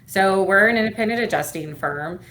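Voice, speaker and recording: Here the same kind of guest, a middle-aged firm owner and CEO, recounts her career in an interview at a medium pitch, a little fast and somewhat bright. She's chatty and leans on lots of fillers. When quoting others, she performs the dialogue.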